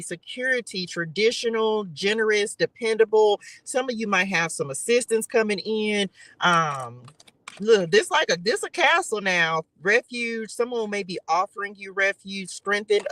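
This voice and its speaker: A man giving a live tarot reading to his chat, excitable and chatty, with preacherly faith-filled encouragement. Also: high voice, low-quality recording. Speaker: tarot reader.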